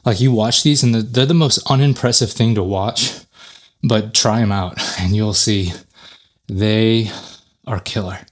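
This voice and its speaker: A man's voice: on the low side, measured pace. A man talking casually to camera in a gym, chatty and rambling, often correcting himself mid-sentence as he explains his workout. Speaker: fitness YouTuber. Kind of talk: casual workout vlog talk.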